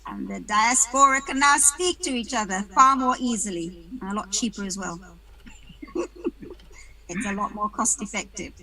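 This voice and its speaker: Bright-voiced British woman hosting a webinar. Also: mid-range voice, moderate pace, poor audio. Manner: chatty, greets attendees by name, self-deprecating jokes. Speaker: webinar host. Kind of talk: casual welcoming chat on a video call. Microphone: video call.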